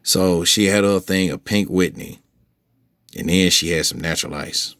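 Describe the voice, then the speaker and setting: Low-voiced man telling a story, cursing freely. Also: normal speed, no room sound, clean studio sound. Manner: profane, animated retelling with heated quoted outbursts; frequent restarts and filler phrases. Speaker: vlogger updating followers. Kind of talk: casual storytelling to camera.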